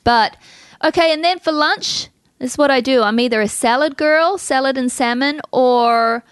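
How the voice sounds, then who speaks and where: A woman's voice: high-pitched, moderate pace, clean tone, dry recording, studio quality. A woman from Australia co-hosting a podcast, chatting enthusiastically about food and health. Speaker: podcast co-host. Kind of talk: casual chat.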